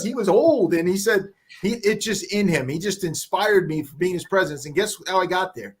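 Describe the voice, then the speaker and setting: A man speaking as a podcast guest, telling stories in an energetic, emphatic motivational style. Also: high-pitched, moderate pace, hardly any pauses, husky. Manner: energetic, emphatic, acts out voices. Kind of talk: motivational storytelling.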